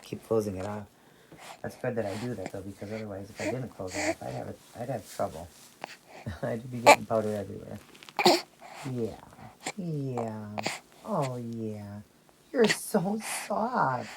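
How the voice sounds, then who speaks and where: A woman chatting casually in a vlog, talking softly and fondly while she dresses her dolls. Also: a bass voice, fairly even intonation, a little fast, gravelly, heavy background noise. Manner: soft, doting, rambling. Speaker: doll collector and vlogger.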